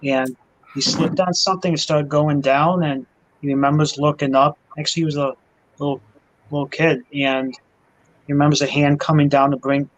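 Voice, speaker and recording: A man's voice: on the high side, little pitch movement, moderate pace, poor audio. A man in a casual chat who fumbles and restarts his sentences as he tells a story.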